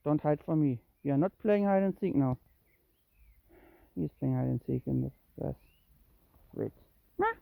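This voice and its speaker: A cat owner filming a kitten walk on a handheld phone outdoors at dusk, coaxing the kitten with calls and high meows. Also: normal speed, creaky, long pauses, no echo. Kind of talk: casual narration while walking. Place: outdoors in woods and grass at dusk. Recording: tinny phone-like sound.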